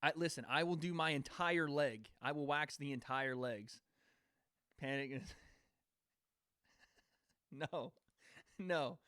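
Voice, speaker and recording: A man's voice: mid-range voice, fairly bright tone, no echo, clean studio sound. A young man hosting a casual livestream, laughing and bantering with chat before giving fight predictions. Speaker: livestream host.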